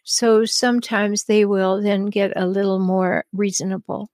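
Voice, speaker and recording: A woman hosting an advice podcast, answering listener questions in a calm, chatty way with frequent ums and small laughs. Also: medium pitch, measured pace, no room sound. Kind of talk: advice talk show.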